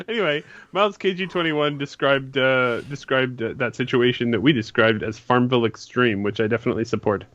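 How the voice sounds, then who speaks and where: A man's voice: mid-range voice, brisk, few pauses, a bit bright, a little hiss or hum. A man in a casual chat over an online voice call, matter-of-fact as he explains things. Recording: dull lo-fi call audio.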